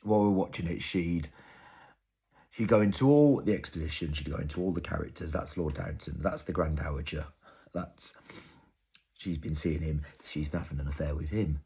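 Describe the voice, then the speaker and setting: A young man performing an intense, halting, improvised dramatic monologue. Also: very deep voice, dark tone, slightly rough. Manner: intense, halting, storytelling with heavy swearing. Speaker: actor.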